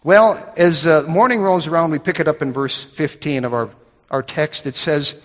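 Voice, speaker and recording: A man's voice: fairly high pitch, moderate pace. Middle-aged male pastor, folksy sermon, slightly raised voice, long hall reverb. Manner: folksy storytelling with repeated restarts.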